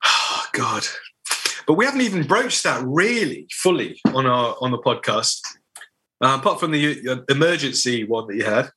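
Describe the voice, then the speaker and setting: A man's voice: mid-range voice, sing-song, normal speed, bright, forceful tone, a little hiss or hum. A man co-hosting a football podcast, rambling casually through his views and often restarting his sentences. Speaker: podcast co-host.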